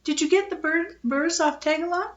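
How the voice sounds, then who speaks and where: A woman voicing an exasperated mother scolding her son, with a high, sharp voice. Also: moderate pace, echoey room, muffled recording.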